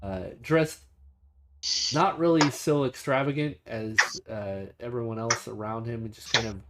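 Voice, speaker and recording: A man running a tabletop game as game master, describing scenes casually with many pauses. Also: medium pitch, heavy background noise.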